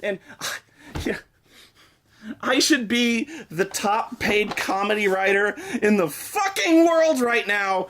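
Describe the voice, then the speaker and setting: Exasperated man ranting, high lively voice. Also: takes it slowly, a little hiss or hum. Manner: sarcastic, exasperated, profane, shouting at times. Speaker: host. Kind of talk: comedic review rant.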